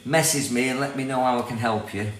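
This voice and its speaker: Speaking fast in a mid-range voice with fairly even intonation, an older man from Britain chats and rambles through a casual self-help livestream. He reads viewer comments aloud and laughs often, broadcasting from a property in Thailand in an echoey room humming with mains noise.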